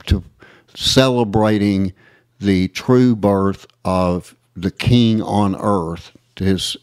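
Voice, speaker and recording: Man, east texas accent, low voice, rambling with fillers, dry close mic. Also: darkish tone, no room sound. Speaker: co-host. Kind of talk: casual radio talk.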